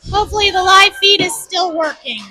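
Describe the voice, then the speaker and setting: A woman giving fond, excited homemade play-by-play commentary at an indoor ice rink, shouting at big plays. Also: very high-pitched, fairly quick, no echo, low-quality recording. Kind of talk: homemade live sports commentary. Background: faint arena noise.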